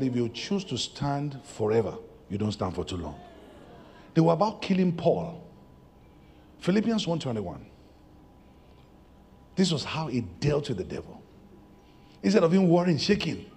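A male pastor, preaching a sermon and moving between shouted lines and hushed ones. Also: mid-range voice. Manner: preaching with big swings from shouts to near-whispers.

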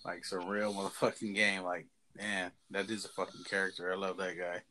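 A man hosts a podcast in relaxed, profane casual chat. His voice sits a little low. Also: normal speed. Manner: laid-back, profane. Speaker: podcast host.

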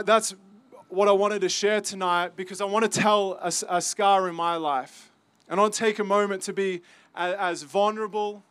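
A man with an Australian accent giving an earnest, halting personal testimony as a campus ministry speaker, his voice full of emotion. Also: sits high, a bit bright, clear, resonant tone, no room sound.

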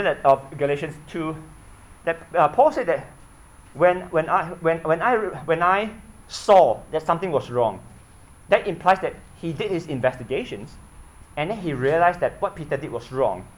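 A man's voice: on the high side, lively intonation, normal speed, rough recording. A man preaching a sermon in an earnest way, often asking his listeners questions and repeating himself.

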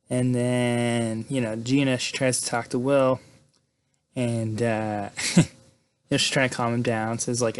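A man's voice: mid-range voice, little pitch movement, takes it slowly, pauses often, clear, resonant tone. A man casually recapping a movie's plot, rambling with lots of fillers and tag questions. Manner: rambling, filler-heavy, frequent "right?" and "like"; laughs between lines. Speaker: film recapper.

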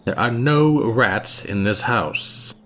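A woman's voice: very deep voice, slow pace, a little hiss or hum, pitched below the performer's own voice. A woman voicing an impatient, condescending male professor who speaks curtly, in dramatic storytelling. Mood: curt, dismissive. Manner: curt and dismissive.

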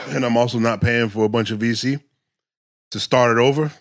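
Profane, animated man in casual chat. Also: mid-range voice, moderate pace. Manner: loose, profane, animated storytelling; sprinkles "you know what I'm saying" and "yo".

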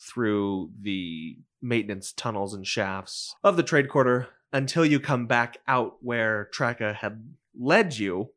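A man's voice: medium pitch, animated, slow pace, a bit bright. A man narrating a tabletop game as game master, describing scenes and laughing often.

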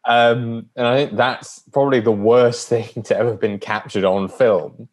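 A man's voice: mid-range voice, fairly even intonation, a little slow. A man co-hosting a casual podcast about films, joking and acting out lines in character. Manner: joking, acts out quotes in character. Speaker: podcast co-host. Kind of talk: casual film discussion.

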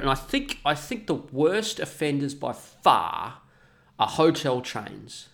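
A man's voice: medium pitch, very animated, measured pace, vocal fry, a bit bright. Profane ranting man. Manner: profane, ranting, mocking voices. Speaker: vlogger. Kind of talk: casual ranting monologue.

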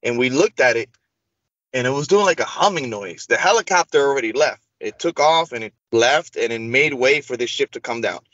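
This muffled, echo-free recording captures a male interview guest with a medium-pitched voice talking fairly quickly. He tells the host a long personal story in casual speech, acting out the quoted dialogue with animation.

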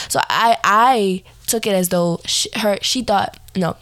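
A young woman hosting a podcast, hoarse and tired as she tells a personal story in a rambling way with lots of fillers and restarts. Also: medium pitch, a little slow, fairly bright tone, no echo. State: hoarse, recovering voice; tired, yawning.

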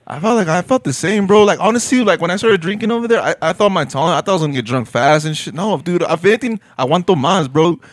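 A man's voice: sits high, expressive, quick pace, hardly any pauses, no echo, studio quality. A young man chatting casually with friends, telling stories in a laid-back, slangy way, swearing, laughing often and switching between English and Spanish. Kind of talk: casual chat among friends.

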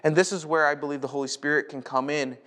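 A slightly higher-voiced male pastor from North America delivers a sermon in a relaxed, conversational way. He stumbles over repeated words as he gets into a thought. When he retells a story, his voice climbs sharply and gathers energy. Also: quick pace.

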